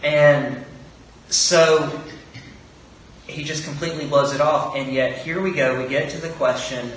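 Preacher in a very echoey hall. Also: male voice, mid-range voice, unhurried, a bit bright. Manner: earnest, rhetorical questions, dramatizes quoted speech. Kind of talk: expository sermon. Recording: very echoey room, voice from far off, faint background noise.

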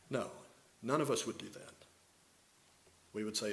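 Older guy preaching, folksy stories and questions to the room, mid-pitched voice. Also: big pitch swings, moderate pace, creaky, long pauses, fairly bright tone. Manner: folksy storytelling with rhetorical questions. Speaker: pastor. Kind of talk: sermon.

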